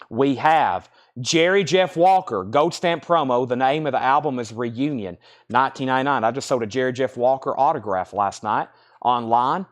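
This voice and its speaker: A man with a Southern US accent, hosting a live-stream vinyl sale, reading off bids and describing records in a brisk, chatty way. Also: mid-range voice. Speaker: live auction seller.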